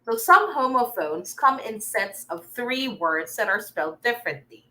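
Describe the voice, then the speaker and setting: Bright, lively Filipino woman teacher. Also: fairly high pitch, moderate pace, rough recording. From Philippines. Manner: encouraging, coaxing students. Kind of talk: online tutorial lesson.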